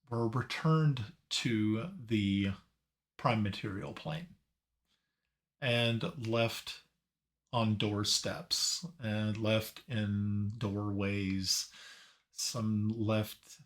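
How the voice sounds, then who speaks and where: Slow, halting male game master. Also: lowish voice, a bit bright. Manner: halting, searching for words. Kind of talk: narrating a tabletop game.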